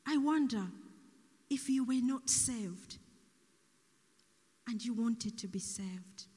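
Woman preacher, sermon, breathy voice, fairly high, drops to near-whispers. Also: long reverb tail. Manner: soft-spoken, slow and deliberate, drops to near-whispers.

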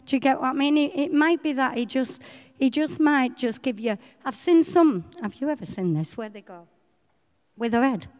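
A middle-aged woman, telling her faith story in a chatty, animated way. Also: high-pitched, normal speed, in a large hall. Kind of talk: personal faith testimony.

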